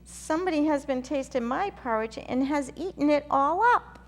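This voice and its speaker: A woman doing a shrill, squeaky baby bear. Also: expressive, normal speed. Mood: wailing. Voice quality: sharp, shrill. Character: little small wee baby bear boy. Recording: reverberant room with faint hum.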